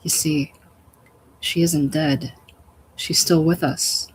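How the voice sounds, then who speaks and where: A storyteller voicing a grieving wife, urgent and elated, sometimes dropping to a breathy whisper. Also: mid-range voice, steady tone, slow pace, a little hiss or hum, natural voice, poor audio.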